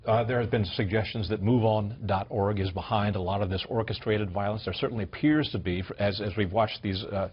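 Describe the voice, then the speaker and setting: A male cable news anchor asking brisk, pointed questions in a panel debate. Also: fairly low pitch, fairly even intonation, husky. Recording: dull broadcast audio.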